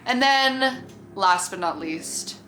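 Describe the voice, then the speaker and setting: A woman's voice: fairly high pitch, animated, slow, bright, forceful tone, slight background noise. A woman talking casually to her camera about a TV show, swearing freely and acting out what the characters said. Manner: profane, chatty, acts out characters' lines. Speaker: TV show reviewer.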